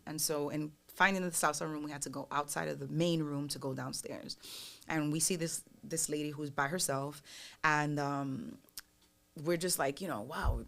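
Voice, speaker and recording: A woman, a singer guest on a podcast, telling stories in a casual, animated and profane way, acting out the voices of others. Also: low voice, gravelly. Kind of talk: casual storytelling chat.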